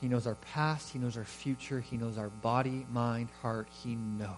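A man's voice: mid-range voice, steady tone, moderate pace, slight background noise, low-quality recording. A man preaching a sermon, building emphasis and rising in volume on key words. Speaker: pastor.

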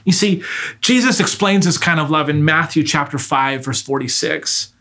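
A man's voice: a little high, normal speed, sharp tone. A man preaching a sermon, earnest and direct, asking his listeners rhetorical questions.

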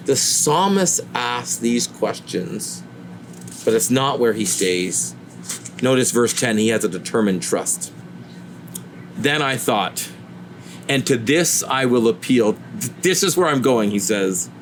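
A man's voice: expressive, slow. Earnest male preacher, faint hiss. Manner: earnest, rises high when voicing pleading questions to God. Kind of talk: sermon.

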